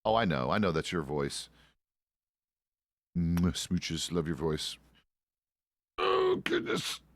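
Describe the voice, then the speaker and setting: A man's voice: extremely low pitch, slow pace, dry recording, clean studio sound. A man streaming a western roleplay game, chatting casually in character as a deputy with loose, profane, rambling asides.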